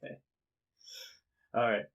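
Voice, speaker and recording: A man narrating a tabletop game as game master, easygoing and halting, with fillers as he describes the scene. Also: highs cut off.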